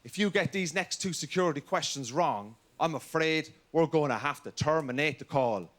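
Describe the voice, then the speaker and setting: Comic plays an Irish bank call-centre man, stiff and by-the-book, slightly high-pitched. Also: animated, normal speed, a bit bright, slight background noise. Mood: formal. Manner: formal, scripted phone politeness. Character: fussy male bank call-centre worker.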